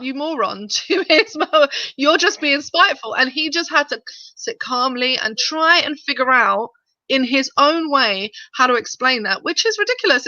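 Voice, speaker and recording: A woman co-hosting a casual opinion chat, animated and incredulous, mimicking others in quoted voices. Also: high voice, dry recording. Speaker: podcast co-host. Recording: dull lo-fi sound.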